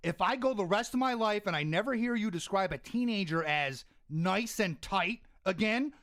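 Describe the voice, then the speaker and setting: A man's voice: high voice, normal speed. A man co-hosting a podcast, ranting and mocking in profane comedic commentary. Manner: animated, sweary, mocking rants. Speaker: podcast co-host.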